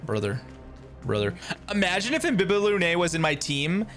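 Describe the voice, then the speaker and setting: Guy streamer reacting to a game, animated and kinda outraged, voice bouncing all over, a bit high. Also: normal speed, soft background music. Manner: animated, exasperated outbursts. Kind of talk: casual gaming reaction.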